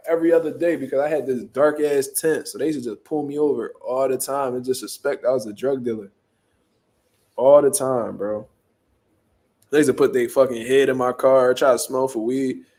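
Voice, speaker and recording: Profane, animated young man from Philly. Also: medium pitch, a little fast. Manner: profane, animated street storytelling with acted-out quotes. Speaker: show host. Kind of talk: casual storytelling.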